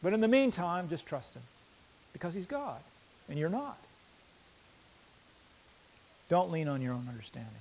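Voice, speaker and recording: A man preaching a sermon, reading scripture aloud slowly and swinging between loud emphasis and quiet intensity. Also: fairly high pitch, very animated, a little hiss or hum, poor audio. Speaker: pastor.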